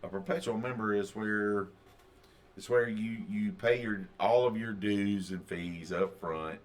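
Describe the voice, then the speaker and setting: Podcast co-host, man, very low voice, halting delivery. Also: fairly even intonation. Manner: halting, many fillers and restarts. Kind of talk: casual chat.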